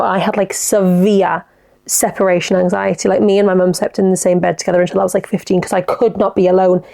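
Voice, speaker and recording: A young woman hosting a casual solo podcast, reading listener messages and reacting with quick chatty asides. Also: mid-range voice, vocal fry, dark tone. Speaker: podcast host.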